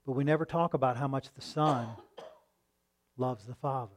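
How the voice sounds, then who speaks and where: A man preaching a sermon in a conversational tone, asking rhetorical questions and reading scripture slowly. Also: mid-range voice, steady tone.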